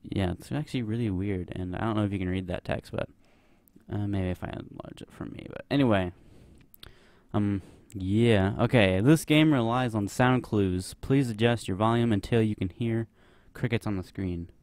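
A man's voice: lowish voice, normal speed, a little mellow, no room sound. A young man giving nervous, rambling commentary while playing a horror game, full of fillers. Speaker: gameplay commentator. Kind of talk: let's play commentary.

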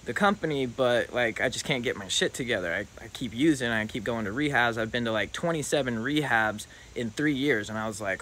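A young man spins a personal story in a loose, rambling way, swearing freely as he goes. His voice sits at an ordinary middle pitch. He sounds like he is talking straight to the camera in a casual storytime. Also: a little hiss or hum. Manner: loose, profane, animated retelling.

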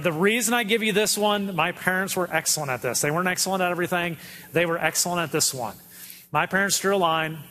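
In a church auditorium, a pastor in his thirties preaches in a conversational style, acting out quotes from his kids. His voice is high and sharp-toned.

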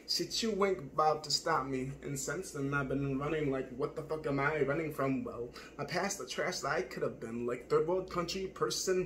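Rambling, profane man, fairly high voice. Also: a little hiss or hum. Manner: rambling, profane, self-searching. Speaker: spoken-word performer. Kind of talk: improvised spoken-word monologue.

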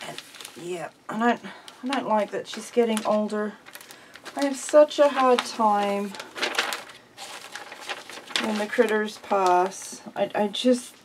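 A woman's voice: medium pitch, slow pace, long pauses, slight background noise. An older woman chatting casually to camera as a craft vlogger at her table at home, rambling and giggling easily.

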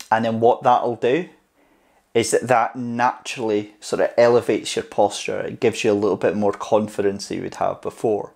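A man's voice: lowish voice, a little mellow. A man giving casual, encouraging tips on speaking to camera in a vlog. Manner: chatty and encouraging, speeds up and slows down for emphasis. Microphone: clip-on mic on camera tripod.

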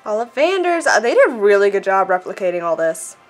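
A woman casually commenting while playing a mobile game, chatty and excitable, reading the on-screen text aloud. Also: medium pitch, fast, soft background music. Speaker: gameplay vlogger. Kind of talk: casual let's-play commentary.

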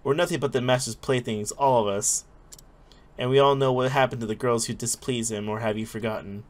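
A man voicing a proud young woman dancer in a subdued, low-key tone. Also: fairly even intonation, brisk, close to an everyday voice. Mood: guarded.

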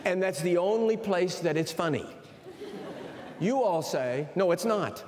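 A man's voice: sits high, animated, unhurried, a little mellow, a faint crowd, a little hiss or hum. A man preaching a sermon in a large auditorium, telling stories with emphasis. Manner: storytelling, emphatic. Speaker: university president preaching. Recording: long hall reverb.

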